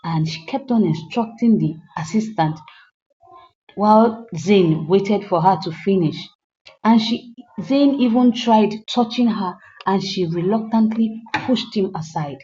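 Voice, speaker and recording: Mellow-voiced woman recapping a film. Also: mid-range voice, a little slow, highs cut off, slight background noise. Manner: earnest, moralizing asides to viewers. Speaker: movie recap narrator. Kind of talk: storytelling film recap with commentary.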